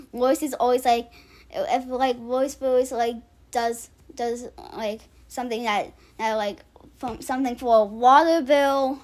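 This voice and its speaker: High-voiced rambling woman ranking episodes. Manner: rambling, with frequent restarts and filler words. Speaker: channel host. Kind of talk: casual episode-ranking commentary.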